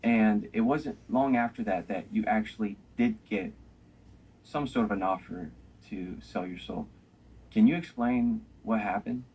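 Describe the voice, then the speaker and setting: A male interviewer asks measured questions and recaps what the guest has said. His voice is lowish and very rough and husky. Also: darkish tone, low-quality recording. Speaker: interview host.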